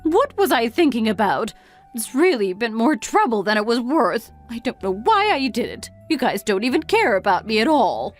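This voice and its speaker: A woman's voice: fairly high pitch, sing-song, soft background music. A woman playing an exasperated middle-aged mother who fires off complaining questions in a dramatized family story. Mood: self-pitying. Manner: complaining, rapid-fire questions.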